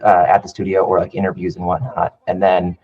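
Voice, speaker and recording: Man, thirties, low-pitched, monotone, laid-back rambling storyteller, muffled lo-fi sound. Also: fairly quick, breathy edge. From California. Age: 30s. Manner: relaxed, rambling with frequent "like" and "you know". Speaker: interview guest. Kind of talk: casual interview storytelling. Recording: dull lo-fi audio.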